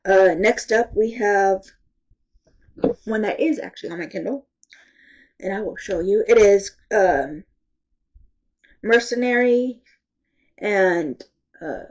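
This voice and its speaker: Woman, congested, casual book review, slow delivery, halting, muffled sound. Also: medium pitch. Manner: halting and rambling. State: congested from allergies.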